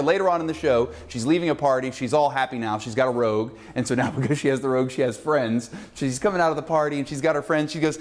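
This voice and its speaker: A filmmaker sending a casual video message to introduce a screening. He tells an animated, exasperated story. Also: mid-range voice, quick pace, hardly any pauses.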